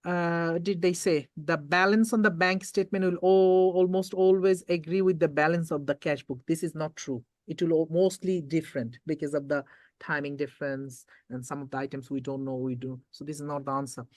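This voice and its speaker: Revision tutor, mid-pitched, talks students through exam questions step by step and repeats key points; dry close recording. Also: fairly even intonation, a little mellow, no echo. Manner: reads questions aloud slowly, quizzes and repeats points.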